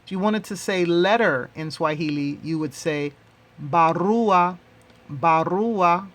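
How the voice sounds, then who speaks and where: A man hosting and teaching a language lesson, repeating each word three times in a deliberate way. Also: on the high side. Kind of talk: slow, repetitive language lesson.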